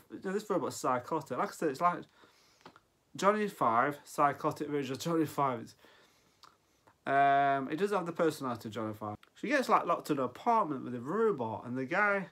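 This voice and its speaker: A man in his forties gives a casual, unscripted film review, rambling and often losing his thread mid-sentence. His voice is a little high with a fairly bright tone.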